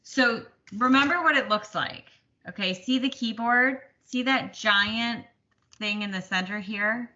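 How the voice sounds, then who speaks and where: A woman's voice: a little high, a little slow, pushed and bright. A woman co-hosting a casual stitching chat, talkative and self-deprecating. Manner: chatty, self-deprecating, laughs often. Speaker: podcast co-host. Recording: slightly dull lo-fi sound.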